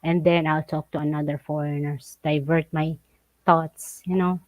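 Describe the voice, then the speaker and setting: A woman chatting casually as a vlog co-host, animated and laughing as she reads viewer comments and acts out quoted voices. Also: low-pitched, normal speed, no room sound, dull audio.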